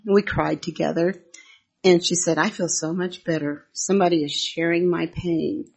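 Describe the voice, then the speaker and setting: An older woman giving a conversational devotional talk, telling personal church stories and reading Bible verses in a husky voice. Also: fairly low pitch, fairly even intonation, normal speed, a little mellow. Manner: homely storytelling with Bible readings.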